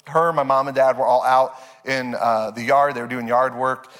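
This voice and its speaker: Speaking at a moderate pace in a mid-range voice, a man in his thirties gives a sermon built around personal family stories. He is animated, laughs through his anecdotes, and fills his speech with fillers, all echoing with the long reverb of a church sanctuary.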